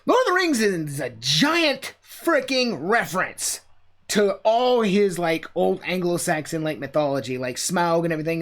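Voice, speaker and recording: A reaction streamer giving enthusiastic, rambling commentary full of "like"s. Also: medium pitch.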